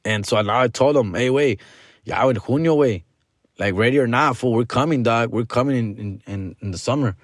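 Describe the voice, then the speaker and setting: A man's voice: mid-range voice, normal speed, no echo, studio quality. Slangy, profane man venting on a podcast. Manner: slangy, profane, mixes Spanish into his English; frustrated, venting. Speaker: comedian podcast host. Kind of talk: casual comedic rant.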